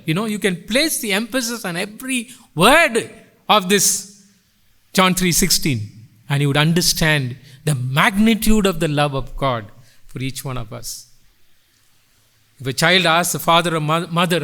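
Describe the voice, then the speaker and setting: Man, middle-aged, sermon, high voice, dramatic rises and falls. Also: lively intonation, normal speed. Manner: preaching with dramatic swells and drops in pitch and loudness. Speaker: preacher. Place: church sanctuary.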